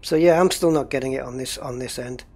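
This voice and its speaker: A man's voice: mid-range voice, fast talker, darkish tone. A man running a gaming livestream, rambling casually and thinking aloud while he troubleshoots.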